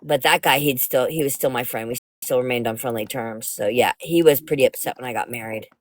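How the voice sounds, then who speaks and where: A woman's voice: a bass voice, brisk, no room sound. A middle-aged woman hosting a casual livestream chat, telling stories frankly with casual swearing. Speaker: livestream host.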